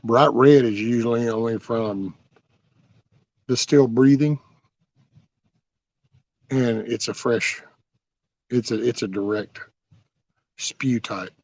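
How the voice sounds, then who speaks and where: Man, gravelly, dry close sound, casual livestream chat, folksy rambling stories. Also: medium pitch, takes it slowly, long pauses, a little mellow, dry recording. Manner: rambling, folksy storytelling with mild cursing. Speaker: livestream host. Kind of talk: casual livestream chat, answering viewer comments.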